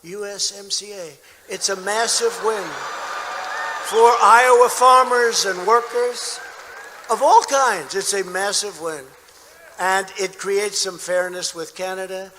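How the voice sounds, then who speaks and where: A man's voice: high voice, steady tone, slow pace, sharp tone. A man giving a boastful, repetitive campaign rally speech with mocking asides in a large indoor arena. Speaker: political candidate speaking at a rally. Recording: echoey arena, crowd noise. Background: cheering crowd.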